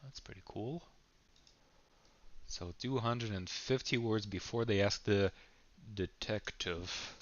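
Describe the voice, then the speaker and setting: A man's voice: fairly low pitch, fairly bright tone, muffled recording, slight background noise. A man reading an AI game prompt aloud, stumbling and laughing as he comments. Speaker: video creator.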